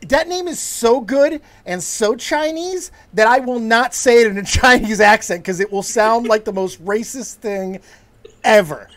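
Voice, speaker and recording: A man's voice: very high voice, unhurried, fairly bright tone. A man hosting a casual podcast, brash and profane, teasing his co-host. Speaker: show host.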